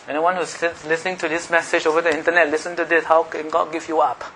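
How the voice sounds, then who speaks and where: Brief: middle-aged male pastor preaching, animated, bright and forceful tone, slightly higher voice. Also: quick pace, hardly any pauses, a little hiss or hum. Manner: animated preaching, swinging between loud emphatic passages and soft asides. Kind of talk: sermon.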